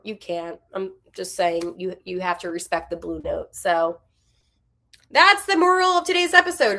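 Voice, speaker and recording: A woman in her twenties hosting a hockey podcast, giving candid, animated opinions with quick asides. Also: on the high side. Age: 20s. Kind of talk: casual opinionated commentary.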